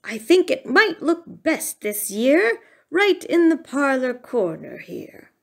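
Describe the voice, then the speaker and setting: A woman voicing a fussy, excitable old gentleman in a read-aloud storybook, full of exclamations. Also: high-pitched, slow pace, creaky, full character voice. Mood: excited.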